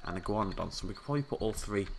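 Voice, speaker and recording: A man's voice: fairly low pitch, lively intonation, rapid-fire, gravelly, a little hiss or hum. A man hosting a video game let's play, giving casual, playful commentary and chatting to the characters on screen.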